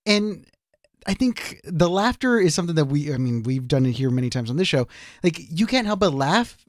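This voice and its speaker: A man who is a guest on a talk show panel, giving animated, exasperated commentary. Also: a little high, brisk, no room sound, studio quality.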